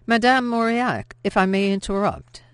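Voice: medium pitch, very animated, moderate pace, a bit bright, clean tone, no echo, voice pushed up. Narrator voicing a stiffly polite army captain. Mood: formal.

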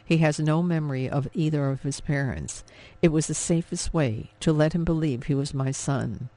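A man's voice: on the high side, normal speed, dark tone, natural voice, low-quality recording. A man voicing a grieving young mother. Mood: sorrowful. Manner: pleading, emotional.

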